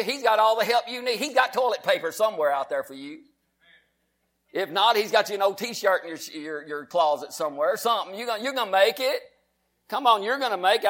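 A male pastor preaches in a folksy, emphatic way. His voice sits high for a man. He stretches out the scripture lines slowly, word by word. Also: fairly bright tone. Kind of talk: sermon.

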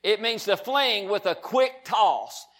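A man delivers a sermon in a notably high voice. He hammers his points through repetition and drags out each line of scripture with heavy stress. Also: very animated, fairly bright tone. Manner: emphatic, repetitive, reads scripture slowly with stress. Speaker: preacher.

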